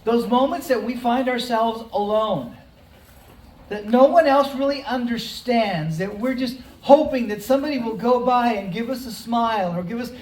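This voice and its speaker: A pastor giving a conversational, story-driven sermon with dramatic pauses. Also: medium pitch, darkish tone. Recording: roomy hall, mic at a distance.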